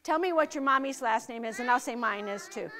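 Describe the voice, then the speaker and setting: A woman's voice: fairly high pitch, pushed and bright. A middle-aged woman teaching young children safety rules, speaking emphatically and asking them lots of questions. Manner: slow, emphatic, asks the children many questions.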